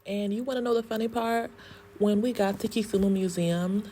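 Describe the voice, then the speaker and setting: A woman's voice: medium pitch, brisk, warm tone, a little hiss or hum. A woman from the United States talking casually to her viewers in a travel vlog, laughing often and using slang. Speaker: travel vlogger.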